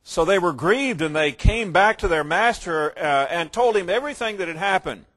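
A man preaching a sermon in a voice a little higher than most men's. He retells the story in his own words, sometimes soft and reflective, then rising to loud, stressed lines. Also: lively intonation, moderate pace. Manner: storytelling, swings from quiet reflection to loud emphasis.

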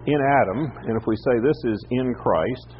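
A man preaching a teaching sermon, speaking in a measured way with frequent "uh" pauses. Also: mid-range voice. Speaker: pastor. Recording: slightly dull recording with faint background noise.

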